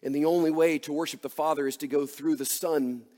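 Male pastor, fairly high voice, earnest emphatic sermon delivery, long church-hall reverb. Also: fairly even intonation, a little fast, dark tone. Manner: earnest, emphatic preaching with rhetorical questions.

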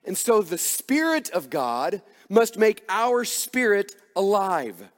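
Male pastor, fairly high voice, earnest emphatic sermon delivery, long church-hall reverb. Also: very animated, slow pace. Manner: earnest, emphatic preaching with rhetorical questions.

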